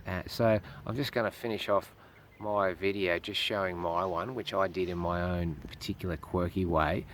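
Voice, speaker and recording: A man's voice: deep voice, steady tone, moderate pace, fairly bright tone, slight background noise. An Australian man ranting profanely and indignantly to camera as a vlogger. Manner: indignant, swears heavily.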